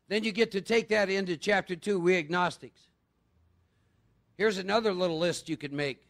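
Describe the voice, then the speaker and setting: A man's voice: sits high, a bit bright. A man speaking at a live recovery workshop, chatty and quizzing his audience with rhetorical questions.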